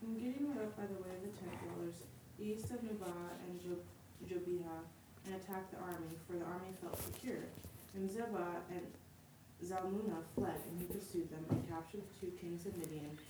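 A woman reads a scripture passage aloud at a steady, careful pace. She sits well away from the mic, so her low voice rings through a very echoey room with clear noise in the background. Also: normal speed, recorded from a distance. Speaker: scripture reader.

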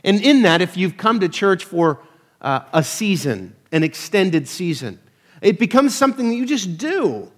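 A pastor with a high-sitting voice and big pitch swings preaches at a moderate pace. His sermon to the church is casual and conversational, peppered with "uh" and self-deprecating humor.

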